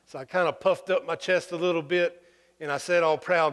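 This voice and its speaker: A man preaching a sermon through personal stories, folksy and humorous, halting with fillers. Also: on the high side, fairly even intonation, a bit bright. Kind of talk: sermon storytelling. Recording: long hall reverb.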